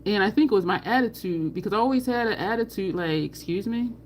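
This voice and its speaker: A woman's voice: mid-range voice, animated, fast talker, a little hiss or hum. Blunt, foul-mouthed New Jersey woman. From New Jersey, USA. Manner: blunt, candid and profane. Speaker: makeup channel host. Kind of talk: casual livestream chat.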